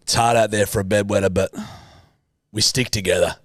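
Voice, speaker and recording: A man's voice: on the low side, fairly even intonation, brisk, a bit bright, no room sound, clean studio sound. A man co-hosting a podcast in casual, laughing, sweary banter. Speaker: podcast co-host. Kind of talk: casual chat.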